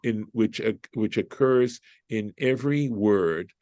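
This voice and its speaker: A man leads a text-study lesson as a rabbi, working slowly through each phrase. His voice sits a little low, and the recording is dry and close. He reads a phrase, translates it, and often halts and restarts as he goes. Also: warm tone, no echo, muffled recording. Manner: reads Hebrew then translates, thinking aloud; halting, with restarts while reading. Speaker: rabbi teaching Torah study.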